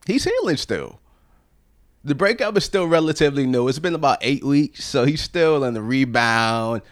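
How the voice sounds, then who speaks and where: A man's voice: mid-range voice, animated, normal speed, dry recording, studio quality. A man hosting a podcast, teasing and blunt in casual chat. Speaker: podcast host.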